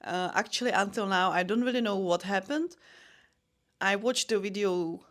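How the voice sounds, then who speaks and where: A woman's voice: mid-range voice, moderate pace. A young adult woman, a podcast host and MMA fighter, telling a personal story in a candid, self-deprecating way with frequent restarts.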